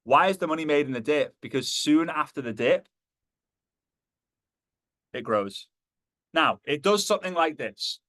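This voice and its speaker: A man delivering a lively motivational talk on stage, his pitch sitting a touch high and swinging widely as he jokes with the crowd. He slips into acted voices now and then, and the sound is dry and close. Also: a little slow, long pauses, no room sound. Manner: animated, acts out quoted voices, jokey asides. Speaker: motivational speaker.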